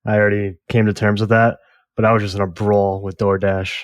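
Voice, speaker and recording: A man co-hosting a movie podcast, telling an exasperated story in casual, animated chat with some swearing. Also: on the low side, fairly quick, no room sound. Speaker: podcast co-host.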